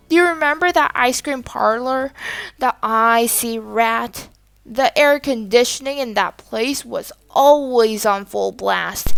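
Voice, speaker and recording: A woman voicing an excitable, boastful young male mouse cousin in a children's storybook, with squeaky, dramatic exclamations. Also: no echo.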